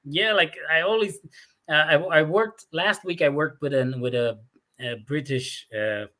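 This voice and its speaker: A man's voice: on the high side, unhurried, pushed and bright. A man with an American accent hosting a casual interview, asking questions and joking between them. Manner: chatty, joking, asks questions. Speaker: host.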